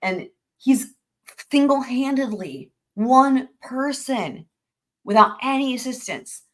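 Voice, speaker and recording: A woman's voice: sits high, animated, slow pace. A young woman, hosting a trial recap channel and telling viewers a story in a chatty, gushing way, full of fillers and restarts.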